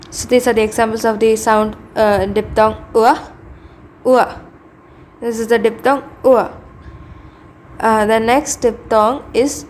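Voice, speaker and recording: Slow, deliberate woman teaching pronunciation. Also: fairly high pitch, steady tone, a little mellow. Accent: Indian English. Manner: slow, deliberate, repeats each word, many fillers. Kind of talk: slow phonetics lesson with example words.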